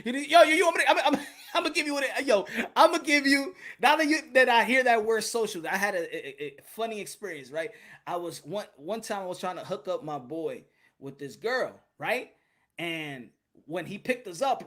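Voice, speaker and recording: A man, giving a casual, swearing, laughing monologue as a boxing commentator. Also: high voice. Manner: loud, animated, laughs often, swears.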